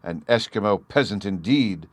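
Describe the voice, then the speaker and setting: A man's voice: lowish voice, lively intonation, normal speed, no echo, close to an everyday voice. A man reading an audiobook, voicing a testy, scornful husband who snaps and sneers. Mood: bossy. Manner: snappish and scornful.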